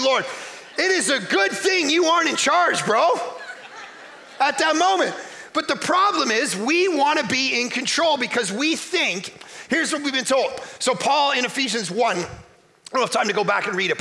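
A guest pastor from Canada preaching a sermon in a church, energetic and emphatic, joking with the congregation. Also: male voice, very high voice, normal speed, gravelly, slight background noise.

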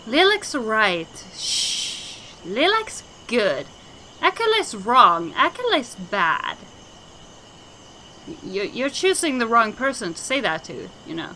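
A woman's voice: a little high, big pitch swings, slow, sharp tone, a little hiss or hum, exaggerated voice. A woman voicing a mad old male shaman who talks about himself in the third person in broken, childlike phrases. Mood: secretive. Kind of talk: game dialogue voicing.

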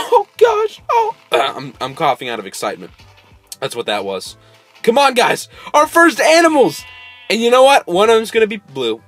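A man giving casual let's-play commentary, coaxing animals and bursting into sudden excited squeals. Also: very high voice. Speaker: gameplay host.

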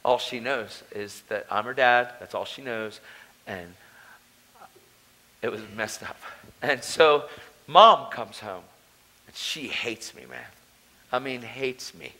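A man's voice: medium pitch, slow, pauses often, sharp tone. A man preaching a testimony at a conference, telling his story in a casual, slangy way. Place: conference hall.

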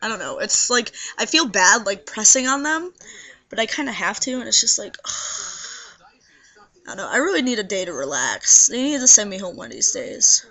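A young trans man with a high voice and a scratchy throat, rambling tiredly to the camera in a casual video diary. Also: sing-song, normal speed, pushed and bright. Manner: rambling, tired, many fillers. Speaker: video blogger. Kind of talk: casual vlog monologue.

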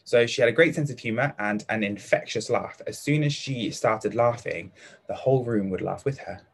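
A man's voice: mid-range voice, normal speed, slightly rough. Upbeat British man teaching kids online. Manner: upbeat and encouraging, reads out pupils' answers by name; chatty, with many fillers like "um" and "like". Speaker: teacher hosting an online lesson. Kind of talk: live online lesson for children.

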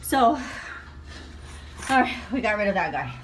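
A woman's voice: medium pitch, lively intonation, normal speed, slight background noise. A woman vlogging on her phone at home, panicky and exclaiming with nervous laughter. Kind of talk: casual vlog to camera. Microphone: phone camera. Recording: echoey room.

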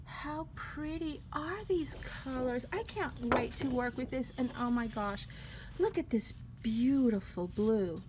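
A high-pitched woman with a Spanish accent gushes over her craft supplies and laughs easily at her own slips. She records at home on a phone stuck on a selfie stick, with a faint hum of room ambience behind her. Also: unhurried. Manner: gushing, laughs often at herself. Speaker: paper craft vlogger. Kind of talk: casual product flip-through.

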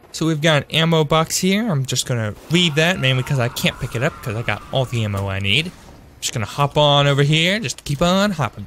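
A man's voice: on the high side, fairly bright tone, slight background noise. A young man streaming a shooter game live, chatting upbeat with his viewers and greeting them by name, often correcting himself mid-sentence. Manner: self-correcting, trails off with fillers. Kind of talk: live-streamed gameplay commentary.

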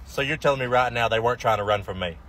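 A man's voice: medium pitch, rapid-fire, a bit bright. A man in a comedy sketch playing an officer and coworker, blunt and full of questions.

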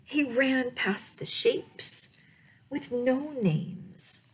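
Slow, playful woman reading aloud. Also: high-pitched, animated, background noise. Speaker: children's librarian reading aloud. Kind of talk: storytime read-aloud.

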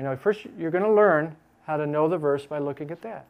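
Man teaching a Bible class, higher voice. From Chicago. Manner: repeats verse phrases slowly with emphasis, then talks fast and lively.

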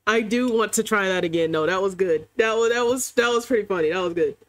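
A woman gamer doing let's-play commentary at a desk mic, excitable, yelling commands at the game and bantering in casual slang. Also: mid-range voice, fast, dry recording.

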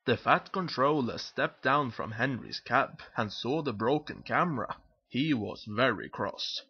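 A man narrating a children's picture book aloud in a lively, expressive storytelling manner. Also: medium pitch, a little slow, husky, highs cut off.

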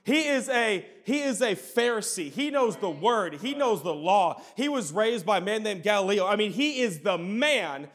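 A man's voice: high-pitched, sing-song, normal speed, hardly any pauses, a bit bright. A man in his thirties, a pastor, preaching a sermon in a conversational storytelling way with sudden bursts of emphasis.

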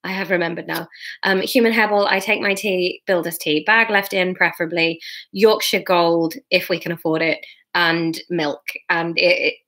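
A woman's voice: fairly low pitch, steady tone, moderate pace, a bit bright. A woman reading a novel aloud, with chatty, self-mocking asides. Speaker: comedian reading her novel.

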